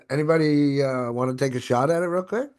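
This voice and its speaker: Upbeat male host of an online group training, mid-pitched voice. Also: normal speed, smooth. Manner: energetic, coaching, exclamatory.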